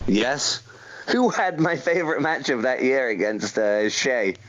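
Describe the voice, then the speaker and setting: A man's voice: mid-range voice, lively intonation, a little slow, fairly bright tone, highs cut off. A young man from England, a wrestler being interviewed, chatting casually in a rambling way with many fillers and frequent laughs. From England, Welsh parents. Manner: laid-back, laughs often, rambling with fillers. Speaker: professional wrestler, guest.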